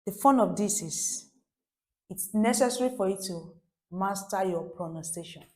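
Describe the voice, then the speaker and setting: A woman's voice: mid-range voice, moderate pace, a little mellow. A woman teaching a French lesson for beginners, repeating phrases and asking her viewers rhetorical questions.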